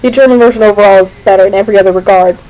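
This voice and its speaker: A woman's voice: mid-range voice, very fast, mellow, poor audio. A young woman vlogging at home, chatting and rambling to her camera, giggly and talkative. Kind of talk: casual rambling chat to camera. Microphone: camera on a computer.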